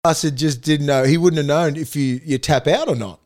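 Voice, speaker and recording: A man's voice: a little high, moderate pace, a little mellow. Aussie guy, ex footy player, rambling sweary stories, laughs a lot, easy podcast chat. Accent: Australian. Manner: profane, laughing, rambling anecdotes. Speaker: former rugby league player, guest. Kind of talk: casual storytelling in a podcast chat.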